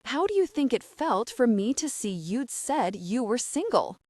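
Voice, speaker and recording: A woman's voice: on the high side, sing-song, unhurried, a little mellow, dry recording, pitched above the performer's own voice. A woman voicing an indignant, flustered young woman who gets defensive and stammers, in an audiobook reading. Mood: furious.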